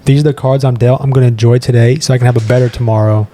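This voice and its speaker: A man's voice: medium pitch, steady tone, rapid-fire, dark tone. A young man co-hosting a podcast in casual chat, rambling and earnest, laughing between thoughts. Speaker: podcast co-host.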